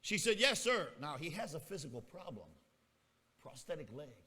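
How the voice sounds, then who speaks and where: A man's voice: fairly high pitch, sing-song, moderate pace, sharp tone, husky, in a large hall. A man preaching a sermon at a camp meeting, telling a story with acted-out voices and teasing asides to the congregation. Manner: storytelling, acts out the people in the tale. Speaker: pastor.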